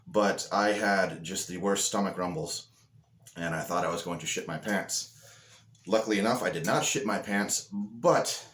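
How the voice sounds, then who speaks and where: A man hosting a podcast and telling stories in a crude, joking, self-deprecating way. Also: on the low side. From Moorhead, Minnesota, US. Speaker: podcast host. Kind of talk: casual chat and storytelling. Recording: echoey room.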